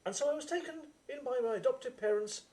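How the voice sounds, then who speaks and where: A man acting a deadpan male assistant with a convoluted backstory in a live stage comedy sketch. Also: very high-pitched, fast talker. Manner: deadpan, matter-of-fact replies.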